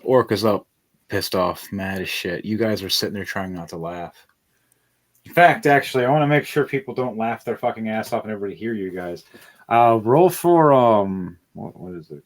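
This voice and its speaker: A young man narrating a tabletop game as game master, swearing freely and excitedly restarting his sentences. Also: lowish voice.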